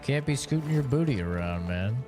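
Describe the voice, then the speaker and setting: A man's voice: medium pitch, animated, fairly quick. A young man streaming a game, telling rambling, profane stories in casual chat. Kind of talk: casual chat while gaming. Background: game music.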